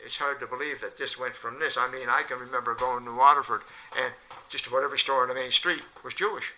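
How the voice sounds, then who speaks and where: An older man telling a casual anecdote, switching into animated voices whenever he quotes people. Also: medium pitch, fast talker, a little hiss or hum, low-quality recording. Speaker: local storyteller.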